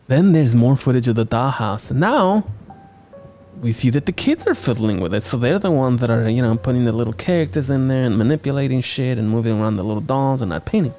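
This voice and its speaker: A man's voice: mid-range voice, expressive, brisk, warm tone. A man hosting a podcast, recapping a film in a loose, profane, wisecracking way. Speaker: podcast host, film reviewer. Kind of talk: casual movie recap.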